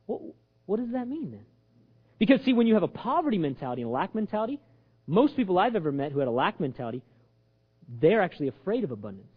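A man with a high, husky voice talks fast over phone-quality audio while preaching a sermon as a pastor. He's animated, acting out the voices of people he quotes and joking with his audience.

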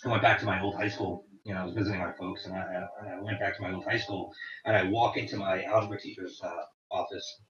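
A man in his forties casually telling rambling, profane stories about touring, with animated quoting. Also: low-pitched, quick pace, a little hiss or hum. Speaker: guest telling tour stories. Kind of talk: casual storytelling chat. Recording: roomy, distant, dull lo-fi sound.

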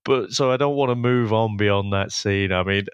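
Man chatting, low dry voice. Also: normal speed, clear, resonant tone, no echo, lo-fi sound. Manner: chatty, laughs often, many restarts. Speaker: podcast co-host. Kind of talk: casual film review chat.

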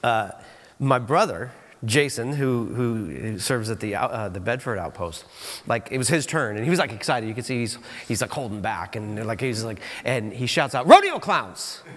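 A man preaching a sermon in a church, telling stories in an animated way with frequent restarts. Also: medium pitch, long reverb tail. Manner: animated storytelling, halting restarts. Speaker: pastor. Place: church auditorium.

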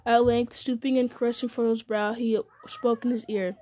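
Woman reading a story out loud, steady and measured, very dry close sound. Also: fairly high pitch, no room sound. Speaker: audiobook narrator. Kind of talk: reading a fantasy novel aloud.

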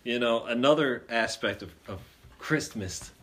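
A man's voice: mid-range voice, measured pace, a bit bright. A man co-hosting a comedy podcast, riffing in a joking, profane, casual way. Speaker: podcast co-host.

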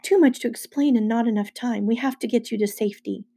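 A woman's voice: fairly high pitch, fast, dark tone, breathy edge, voice pushed up. A woman voicing a tense, protective mother who pleads urgently.

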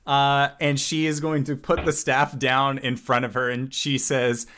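A man's voice: medium pitch, a little slow. Laid-back man running a tabletop game. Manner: relaxed, filler-heavy narration. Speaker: game master.

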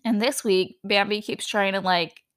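On her solo podcast, a female host chats casually through a reality TV episode recap, laughing often and leaning heavily on "like." Her medium-pitched voice has fairly even intonation, a measured pace and a fairly bright tone.

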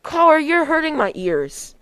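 A woman's voice: sits high, sing-song, moderate pace, a bit bright, no echo. A woman playing a prudish fifteen-year-old Mormon boy who hosts a call-in podcast, flustered and scolding his callers. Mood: puzzled. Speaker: host of a call-in show. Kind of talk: comedy skit.

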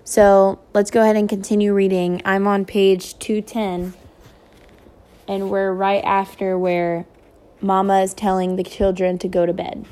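Teacher reading a novel aloud, a woman, steady and expressive. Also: medium pitch, unhurried, smooth.

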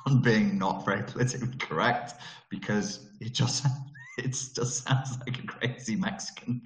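Low-voiced guy rambling candidly on a video call, kinda echoey room. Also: a little mellow. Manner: candid and digressive, with frequent restarts. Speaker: speaker on trauma recovery. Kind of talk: casual talk over a video call.

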